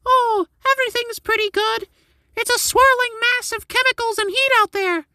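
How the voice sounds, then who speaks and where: A man voicing a cheerful woman weather reporter who loves the heat, in a chipper falsetto. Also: fairly even intonation, moderate pace, sharp tone, dry recording, studio quality, heavily acted. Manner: chipper and breezy.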